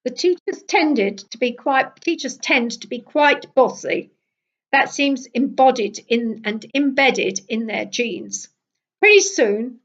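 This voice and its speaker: An older woman from Britain reading her travel memoir aloud in a lively, wry storytelling manner. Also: a little high, highs cut off.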